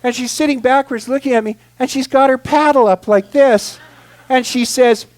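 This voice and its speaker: A man giving a guest talk at a spiritual center, telling a humorous personal story in an animated, expressive way, moving from loud excitement to quiet asides. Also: extremely high pitch, normal speed. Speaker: guest speaker.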